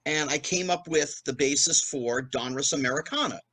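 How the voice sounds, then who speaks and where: A man in his fifties from New Jersey, a guest in an interview, telling a fast anecdote and acting out the quotes with big jumps in pitch. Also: pushed and bright, husky. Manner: fast storytelling with acted-out quotes, rising pitch on punchlines. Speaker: guest, former child actor.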